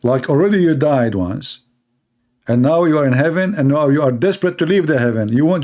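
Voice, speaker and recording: Man, slightly higher voice, sarcastic storyteller, mocking commentary, mimics voices. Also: animated, fairly quick, darkish tone.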